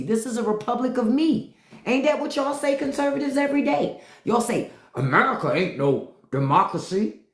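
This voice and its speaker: A woman hosting a live stream, ranting bluntly and profanely and mocking the people in her chat. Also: mid-range voice. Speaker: podcast host on a live stream. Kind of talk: unfiltered live-stream rant. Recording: echoey room.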